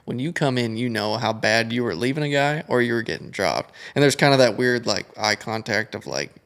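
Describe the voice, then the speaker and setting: Young male racer guest, mid-pitch gravelly voice, loose rambling chatter. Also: expressive, a little fast, a bit bright. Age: young adult. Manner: rambling, filler-heavy, acts out buddies' lines. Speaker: pro flat track racer, guest. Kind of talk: casual podcast chat.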